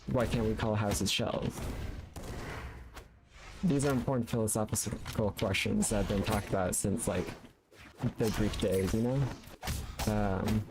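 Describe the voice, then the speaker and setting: Playing a fighting game on stream, a man offers casual commentary, rambling in a playful way and filling it with fillers. He has a fairly low-pitched voice, and although he uses a studio condenser mic, the recording quality is low.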